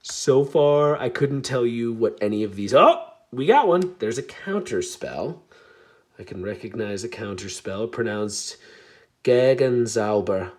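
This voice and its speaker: Man, casual pack-opening chatter, self-deprecating, excited bursts. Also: mid-range voice, unhurried. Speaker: card pack opening vlogger.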